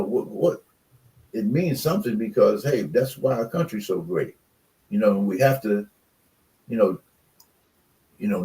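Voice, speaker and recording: Heard through a distant mic, a former college football player, now an older man, joins a relaxed radio conversation. His mid-range voice has vocal fry and a slightly mellow quality, and his rambling, filler-heavy talk grows emphatic and passionate on the subject of commitment.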